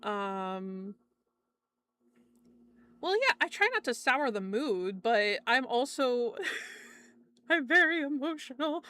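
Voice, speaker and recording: Bright, foul-mouthed young woman streamer. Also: a little high, slow pace, pauses often, dry recording, clean studio sound. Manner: animated storytelling, swears often, laughs between lines. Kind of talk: casual chat stream.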